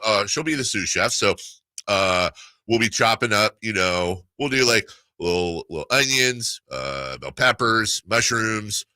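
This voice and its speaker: A man's voice: medium pitch, pushed and bright, no echo. A middle-aged man hosting a sports radio show, rambling and laughing through a casual story. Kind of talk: casual chat.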